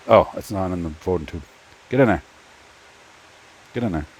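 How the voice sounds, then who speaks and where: Working on a 3D printer, a YouTuber who covers 3D printing casually tells a rambling, stop-start story to himself. His low voice is expressive at a moderate pace, and the phone recording carries a little hiss or hum.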